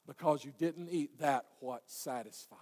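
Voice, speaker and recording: A man preaching a sermon, folksy and conversational, swinging from hushed asides to loud, fervent passages. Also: on the high side, normal speed, in a large hall. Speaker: pastor.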